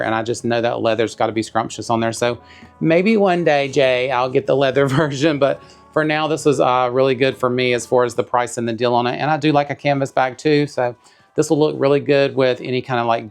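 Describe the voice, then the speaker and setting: A man's voice: mid-range voice, creaky. A man chatting enthusiastically to his viewers while unboxing a tote bag at home. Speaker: bag reviewer. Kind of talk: casual unboxing vlog.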